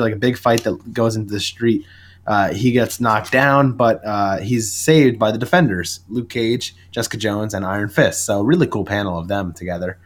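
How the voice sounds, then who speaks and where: Low-voiced man chatting about comics. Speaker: podcast co-host. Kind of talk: casual comic book chat.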